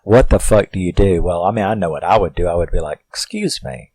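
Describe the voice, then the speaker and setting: A man's voice: low voice, fast talker, mellow, dry recording, low-quality recording. A man casually recapping a horror film in a rambling way, swearing freely and breaking off into asides where he questions himself.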